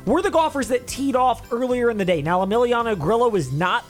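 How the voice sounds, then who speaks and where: A man's voice: extremely high pitch, expressive, a little fast, soft background music. A man hosting a sports talk show, chatting casually with rambling asides. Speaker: sports talk radio host.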